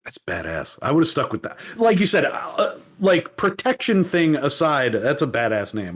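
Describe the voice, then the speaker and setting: A man co-hosting a podcast in casual chat, reacting in an animated way, laughing easily and swearing freely. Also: a little high, moderate pace. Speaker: podcast co-host.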